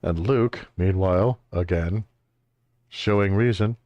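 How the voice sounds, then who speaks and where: A man's voice: on the low side, animated, unhurried, long pauses, a little mellow, no room sound. A man streaming a video game, giving wry, joking commentary with exaggerated exclamations. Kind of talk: let's-play commentary.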